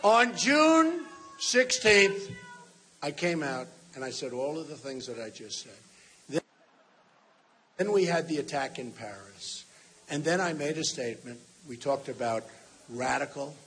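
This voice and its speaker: A man's voice: mid-range voice, animated, unhurried, pauses often, fairly bright tone, a little hiss or hum. A man in his sixties giving an off-the-cuff campaign rally speech to a large hall, emphatic and repetitive, often talking straight to the crowd. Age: 60s. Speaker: political candidate.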